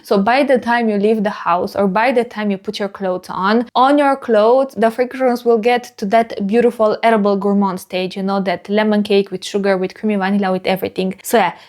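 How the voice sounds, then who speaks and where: A woman's voice: medium pitch, fairly even intonation, a little fast, hardly any pauses, a little mellow. Chatty woman reviewing a fragrance. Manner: chatty, filler-heavy, descriptive. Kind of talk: casual review vlog.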